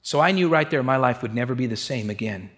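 A man's voice: mid-range voice, expressive, quick pace, a bit bright. A man telling a candid, emotional testimony to a congregation in a streetwise way. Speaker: speaker giving a testimony.

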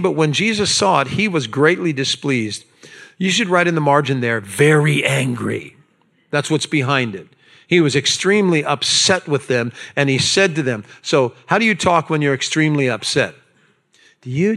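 A man preaching a sermon to a congregation in a church, animated and conversational, with asides to the people in the room. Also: a little high. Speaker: pastor. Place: church sanctuary.

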